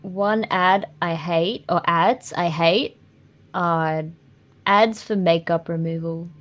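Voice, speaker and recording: A woman's voice: on the low side, fairly even intonation, slow. A young woman, a podcast guest, chatting casually and ranting with exasperation. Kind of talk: casual chat.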